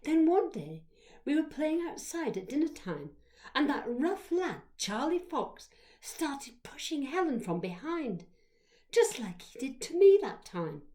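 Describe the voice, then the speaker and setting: A woman storyteller reading a childhood memoir aloud, expressive, shifting between hushed whispers and loud exclamations. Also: sits high, a little slow.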